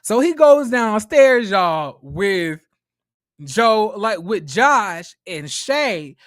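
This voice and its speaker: A man recapping a reality show in a casual commentary vlog, talking to viewers as y'all in an animated, profane way. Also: high voice, extremely slow, no echo, clean studio sound.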